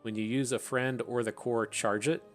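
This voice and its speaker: A man's voice: medium pitch, fairly even intonation, normal speed, soft background music. A man hosting his gaming channel, thinking aloud in chatty, casual commentary and laughing at his own tangents.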